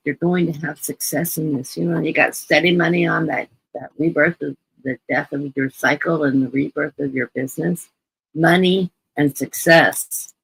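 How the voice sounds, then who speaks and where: A woman reads tarot cards on a live stream in a husky, breathy voice, recorded close and dry. She talks in a chatty way and repeats words for emphasis. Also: deep voice, fairly bright tone, dry recording, poor audio. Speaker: guest tarot reader. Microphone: computer mic on a live stream.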